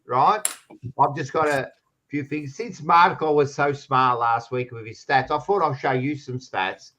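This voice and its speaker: A man's voice: mid-range voice, a little slow, sharp tone. Australian man needling his rival, lo-fi. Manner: teasing, needling, swears. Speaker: podcast co-host. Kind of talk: casual sports banter. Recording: dull lo-fi sound.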